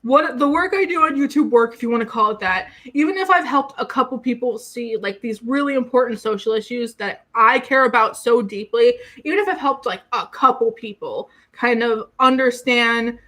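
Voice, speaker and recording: Excitable young woman chatting on a livestream. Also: on the high side, normal speed, hardly any pauses. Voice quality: excitable, rambling, many fillers and restarts. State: getting emotional. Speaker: YouTuber on a livestream. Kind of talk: casual livestream chat.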